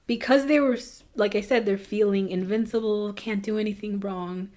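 A woman's voice: mid-range voice, fairly even intonation, darkish tone. Chatty woman telling a crime story. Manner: chatty, fast asides with nervous laughs. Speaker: true crime podcast host. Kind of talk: casual storytelling.

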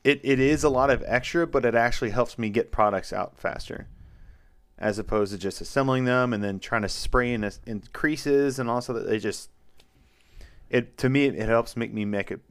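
A man's voice: medium pitch, fairly quick. A man co-hosting a podcast, explaining his woodworking process in a rambling, repetitive way. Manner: rambling, repeats words when explaining. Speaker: podcast co-host. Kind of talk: casual chat.

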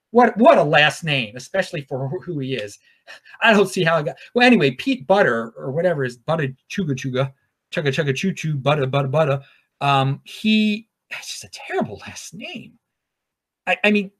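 A man's voice: high voice, fairly bright tone. A man from Baltimore hosting a podcast in a casual solo monologue, rambling, often restarting his words and chuckling as he goes. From Baltimore, USA. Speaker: podcast host.

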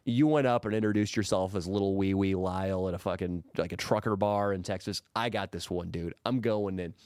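A man telling a crude story in a casual podcast chat, profane and animated. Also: a little fast, clean tone, no echo, studio quality. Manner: animated, profane, mimics people in high put-on voices. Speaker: podcast guest.

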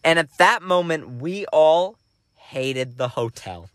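Animated young man telling a story. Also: takes it slowly, dry recording, clean studio sound. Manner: animated, acts out quotes in loud high voices, laughs often. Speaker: podcast co-host. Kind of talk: casual storytelling chat.

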